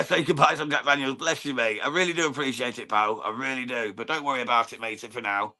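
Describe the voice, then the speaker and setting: Fast-talking and bright, with a pushed mid-range voice, this man from England hosts a live boxing watchalong. He keeps it casual with viewers, says "mate" often, curses without restraint, and reacts to the fight.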